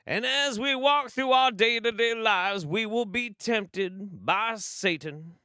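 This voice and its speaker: A man doing a mock evangelical preacher voice, with a slow drawl and heavy emphasis. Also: high voice, sharp tone, smooth, dry recording, clean studio sound, pitched above the performer's own voice, full character voice. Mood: preachy.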